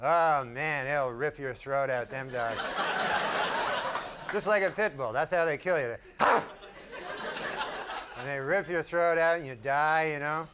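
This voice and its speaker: A man doing a stand-up comedy set in a deadpan, rambling way with long asides. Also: fairly high pitch, unhurried, pauses often. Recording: live club recording with crowd laughter and noise. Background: audience laughing.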